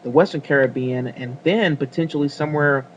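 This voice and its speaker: A man's voice: a little high, brisk, dull audio, slight background noise. A man giving a casual weather forecast video, rambling with fillers and apologies as he works the screen.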